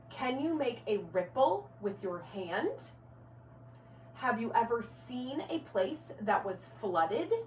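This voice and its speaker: A woman teaching a first-grade reading lesson to young children at home, speaking clearly and encouragingly and spelling words out letter by letter. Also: fairly high pitch. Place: home, near her rocking chair. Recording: distant mic with faint hum.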